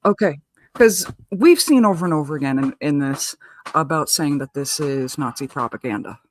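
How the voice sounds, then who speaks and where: A woman's voice: low-pitched, lively intonation, normal speed, slight background noise. A woman co-hosting a casual live-stream chat, talking bluntly and emphatically as she spells out her point. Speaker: co-host.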